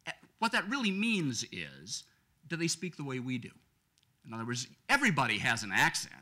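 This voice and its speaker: Bright, animated man arguing a point. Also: medium pitch, brisk. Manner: animated, argumentative, rhetorical questions. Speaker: panelist. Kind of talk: lecture-panel argument. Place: law school lecture event.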